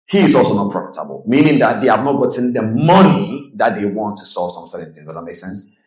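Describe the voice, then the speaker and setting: A man coaching traders in a motivational presentation, telling stories with lively delivery and acting out the people in them. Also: fairly low pitch, quick pace, echoey room, low-quality recording. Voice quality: animated storytelling, acts out quoted voices. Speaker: trading coach.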